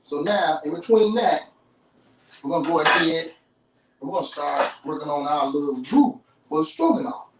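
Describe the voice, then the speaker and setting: A man's voice: a little high, animated, normal speed, distant mic, heavy background noise. Chatty man hosting a kitchen cooking show. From Chicago. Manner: chatty, folksy, talks straight to viewers. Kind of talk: live cooking demonstration. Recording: roomy kitchen, off-mic.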